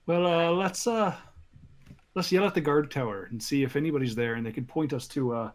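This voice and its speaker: A man's voice: on the high side, fairly quick, lightly acted. A man playing a stammering dwarf adventurer. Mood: hesitant. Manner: stammering, hesitant. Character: hesitant short male dwarf adventurer.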